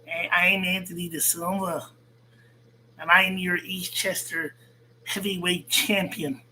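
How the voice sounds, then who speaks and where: Man doing a nasal girly wrestling-champ voice, slow and drawn out, mocking, bright tone. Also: high voice, steady tone, a little hiss or hum, exaggerated voice, low-quality recording. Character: nasal self-styled male wrestling champion.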